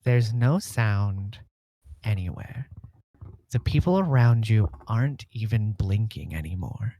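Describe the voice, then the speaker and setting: A man's voice: fairly low pitch, expressive, slow, warm tone, no echo. A man narrating as game master in a tabletop role-playing game, playful and laughing often.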